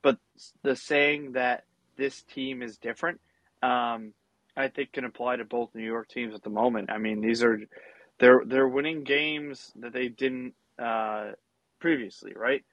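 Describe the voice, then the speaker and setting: A man co-hosting a casual sports chat, rambling through restarts and fillers. His voice sits at a middle pitch for a man. The sound is close and dry, with no room around it. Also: steady tone, measured pace, fairly bright tone, dry recording, muffled recording. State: has the hiccups. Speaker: podcast co-host.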